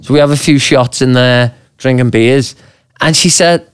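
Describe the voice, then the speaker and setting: Man spinning a lively pub yarn. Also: medium pitch, normal speed, smooth, dry recording. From Liverpool, England. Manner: animated storyteller, swears freely, acts out voices. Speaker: podcast co-host. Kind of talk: casual chat, storytelling. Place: podcast studio.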